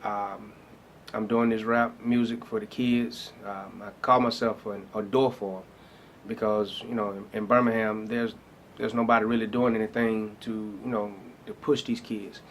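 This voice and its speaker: A man's voice: on the low side, flat delivery, moderate pace, slight background noise. A man, a pastor telling his personal story in a loose, casual way with many fillers. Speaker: pastor and rapper.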